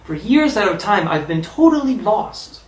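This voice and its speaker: A man telling a personal story, lively and acting out the dialogue. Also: high voice, normal speed, echoey room, rough recording. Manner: animated, acts out quoted dialogue.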